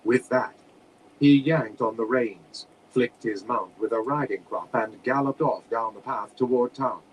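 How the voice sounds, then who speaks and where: A man reads a fantasy novel aloud in a steady, plain manner at a middling pitch. A faint air-conditioner hum sits under the voice. The reading sounds like a home room. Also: measured pace, rough recording. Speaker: audiobook reader.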